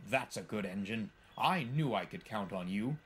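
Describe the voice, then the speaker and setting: A man's voice: on the low side, lively intonation, moderate pace, a bit bright, a little hiss or hum. A man voicing a stern, portly male railway boss in a storybook, speaking firmly.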